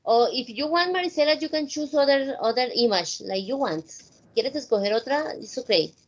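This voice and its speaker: A woman's voice: sits high, animated, fairly quick. Woman, English teacher, Spanish accent, encouraging, muffled call audio. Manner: switches between simple English and Spanish, encouraging. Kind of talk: online class instruction. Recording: dull, lo-fi online call audio.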